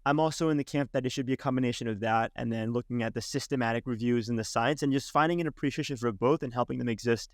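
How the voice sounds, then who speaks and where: A man's voice: medium pitch, quick pace, few pauses, dry recording, clean studio sound. Man hosting, hesitant with many restarts. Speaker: podcast host. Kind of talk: conversational interview.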